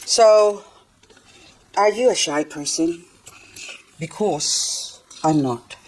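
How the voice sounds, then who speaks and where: A woman's voice: lowish voice, drawn-out words, darkish tone, slight background noise, low-quality recording. An older woman, chatting nonstop and giggling as she cleans up her plants for a gardening vlog. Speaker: gardening vlogger. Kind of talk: casual chat while working.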